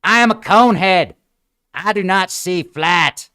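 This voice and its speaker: A man hosting a show, ranting sarcastically in a mocking, animated way that swings between loud outbursts and quiet asides. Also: sits high, slow, clean tone. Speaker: show host. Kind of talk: sarcastic comedic rant. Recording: small room with green screen.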